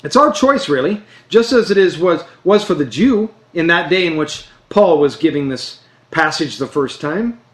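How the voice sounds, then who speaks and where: A man preaching a sermon, earnest and emphatic, slowing down to stress key phrases. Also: on the high side, animated. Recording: roomy echo.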